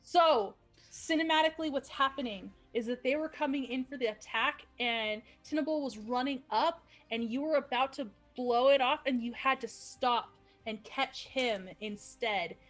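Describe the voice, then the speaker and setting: A woman's voice: sits high, moderate pace, soft background music. A woman narrating as game master, chatty and cheerful, with stumbles and asides.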